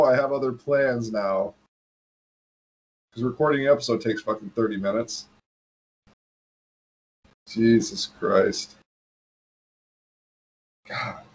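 Podcast co-host, male, husky tone, loose and profane, laughs easily. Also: mid-range voice. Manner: loose, swearing, quick to laugh. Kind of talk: casual chat.

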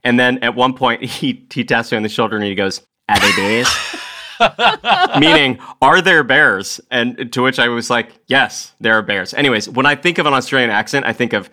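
A man's voice: mid-range voice, expressive, normal speed, bright, forceful tone. A young adult man, a band member on a podcast, telling rambling, amused anecdotes. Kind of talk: casual chat.

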